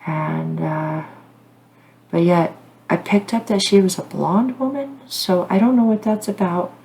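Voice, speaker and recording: A woman's voice: on the low side, unhurried, vocal fry, a little mellow. A middle-aged woman talking casually to camera as a psychic host, rambling and earnest with frequent fillers and apologies. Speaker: psychic medium channel host.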